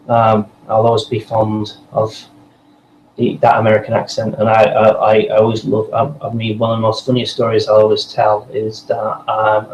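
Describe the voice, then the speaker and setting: A man's voice: lowish voice, darkish tone. A man, a voice actor chatting loosely in an interview, rambling with restarts. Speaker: voice actor guest. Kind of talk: casual interview chat. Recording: echoey room with faint noise.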